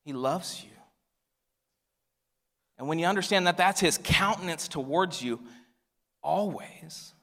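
A male pastor preaching a sermon, swinging from loud emphatic lines to hushed near-whispers. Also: a little high, measured pace, pauses often. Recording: long reverb of a large hall.

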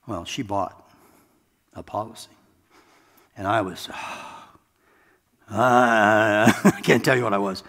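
A man preaching a sermon in a relaxed, conversational way, with self-deprecating asides, in a church sanctuary. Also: lowish voice, creaky, slightly rough. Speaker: pastor. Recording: long hall reverb.

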